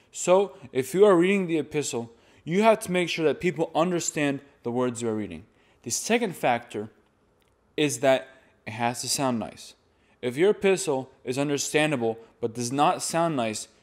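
A man teaching how to chant a church reading, explaining plainly step by step. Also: mid-range voice. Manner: plain, explanatory, with sung demonstrations. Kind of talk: instructional talk to camera.

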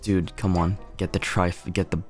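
A man's voice: low-pitched, level tone, moderate pace, music in the background. A man streaming a game, chatting casually, laid-back, swearing often and gushing. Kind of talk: casual gaming stream chat.

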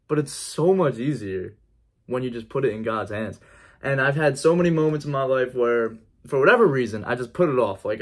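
A man's voice: medium pitch, lively intonation, brisk. A man giving an earnest personal faith testimony in a conversational vlog style, repeating key phrases for emphasis. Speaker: faith vlogger.

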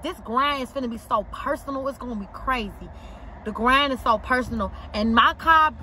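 A woman's voice: a little high, sharp tone, slight background noise. A young woman vlogging to camera from inside a parked car, talking emphatically in slangy, repetitive bursts while she eats. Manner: emphatic, repeats herself for punch, slangy. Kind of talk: casual eating vlog talk to camera. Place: inside a parked car outside an auto shop.

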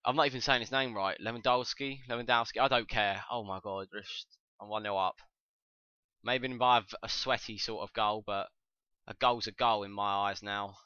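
A young man giving excitable, sweary commentary over his own gameplay, breaking into shouts. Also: fairly low pitch, moderate pace, clean tone, dry recording. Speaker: gaming channel host. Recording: dull lo-fi dry mic.

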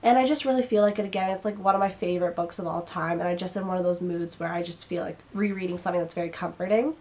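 A woman's voice: lowish voice, fast talker, dark tone. A young woman chatting casually to camera as a book vlogger, her throat a little strained, rambling and now and then stumbling over her words.

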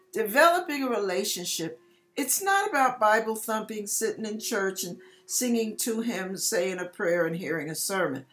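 A woman hosting her own channel, telling a heartfelt personal testimony and sometimes close to tears. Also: medium pitch. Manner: emotional, heartfelt storytelling with quoted exclamations. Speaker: host.

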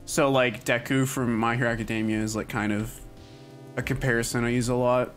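A man's voice: medium pitch, flat delivery, brisk, fairly bright tone. A young man chatting casually on a livestream, rambling with lots of "like" and "um" fillers. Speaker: streamer. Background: faint music.

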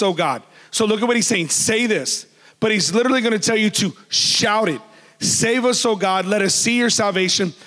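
A man preaching a sermon as pastor, loud and animated, joking with the congregation. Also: high voice, long reverb tail. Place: church hall.

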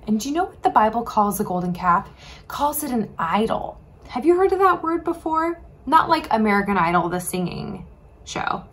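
A woman teaching a children's sermon, telling a Bible story casually and asking the kids questions. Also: medium pitch. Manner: animated, asks children questions; casual, says "like" often.

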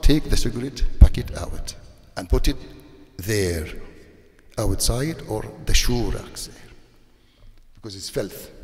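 This is a sheikh's religious talk in a hall, heavy with long reverb. Speaking in a mid-range male voice, he uses non-native English peppered with Arabic religious phrases and becomes animated while scolding.

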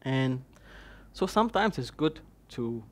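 A man's voice: mid-range voice, big pitch swings, slow. A man with a Malaysian English accent preaching a conversational sermon, acting out his own dialogue with God. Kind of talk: sermon with personal story.

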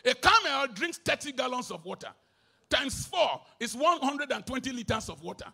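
A middle-aged Nigerian man preaching an emphatic sermon. He has a Nigerian accent and moves between shouted bursts and low asides, slipping into Pidgin. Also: sing-song, normal speed, vocal fry, breathy edge, faint music behind.

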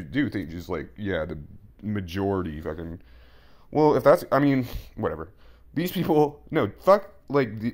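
A man's voice: low-pitched, darkish tone. A man casually reacting to a podcast clip, rambling and swearing with exasperation.

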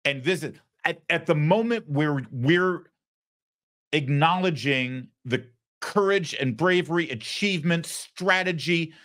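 A man's voice: a little high, measured pace. Sarcastic male talk-show host. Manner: sarcastic, indignant, animated. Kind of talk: political commentary show.

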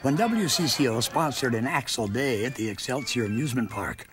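A man narrating a local history documentary in a measured, storytelling way. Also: mid-range voice, expressive, a bit bright. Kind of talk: scripted narration. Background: music.

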